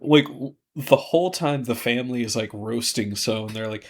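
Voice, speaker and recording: A man co-hosting a podcast in casual chat, joking and acting out characters' lines in exaggerated voices. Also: normal speed. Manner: jokey, acts out characters' lines with big pitch jumps. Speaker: podcast co-host.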